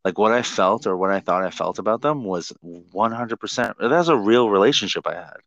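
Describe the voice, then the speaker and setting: A man's voice: fairly low pitch, brisk, vocal fry, fairly bright tone, no room sound, muffled recording. A man in his forties hosting a podcast, talking in a casual, profane, ranting way. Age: 40s. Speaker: podcast host.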